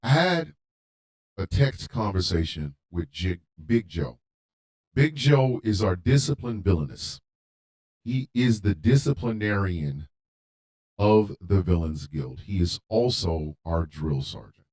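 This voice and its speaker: A man hosting a radio show, delivering a heated monologue with emphatic repetition and occasional shouting. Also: low voice, lively intonation, slow pace. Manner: emphatic, repeats lines for force; rants, at times shouting.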